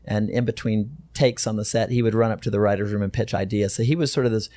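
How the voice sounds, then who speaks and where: Rambling interview guest, low mellow voice. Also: male voice, fairly even intonation, fast talker, no room sound, clean studio sound. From Texas. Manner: rambling, many fillers and restarts. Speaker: guest, company co-founder. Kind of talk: casual interview storytelling.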